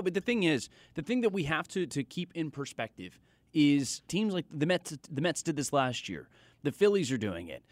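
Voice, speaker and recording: A man on sports radio makes his case emphatically and insistently. His voice sits fairly high and swings widely in pitch, heard close and dry at the mic. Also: no room sound. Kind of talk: call-in radio talk.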